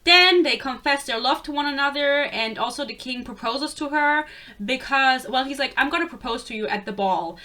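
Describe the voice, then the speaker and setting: A woman's voice: sits high, normal speed, pushed and bright. A young woman giving a casual, rambling book rant, sarcastic and swearing freely. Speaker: book reviewer.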